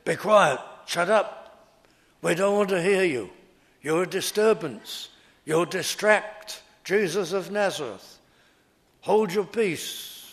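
A man preaching acts out an angry crowd harshly shouting down a beggar, louder and higher than his sermon voice. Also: slow pace, in a large hall. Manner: loud, harsh commands.

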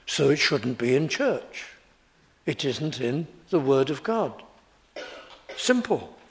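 A man preaching a sermon, slow and emphatic, asking his hearers rhetorical questions. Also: a little high.

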